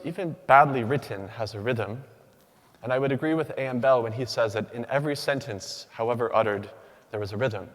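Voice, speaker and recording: A man giving a rehearsed academic talk from a stage, with rhythmic, measured delivery and deliberate pauses. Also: medium pitch. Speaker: doctoral student speaker. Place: large hall. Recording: long hall reverb.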